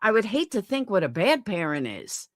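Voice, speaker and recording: A woman streamer rants angrily on a live stream, swearing often and firing off rhetorical questions. Her mid-range voice is very animated, and she speaks at a moderate pace. The recording is dry and of studio quality.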